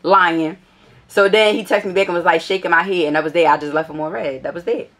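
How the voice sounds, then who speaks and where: Young woman, lowish voice, casual storytime vlog, blunt, swears freely. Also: quick pace. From Philadelphia. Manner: blunt and profane, gets animated and higher when annoyed. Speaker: vlogger. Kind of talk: casual storytime, reading out old messages.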